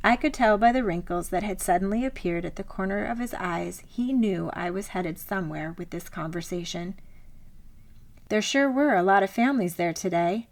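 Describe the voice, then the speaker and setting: A woman author reading her own memoir aloud, in a measured, reflective style of scripted narration. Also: medium pitch.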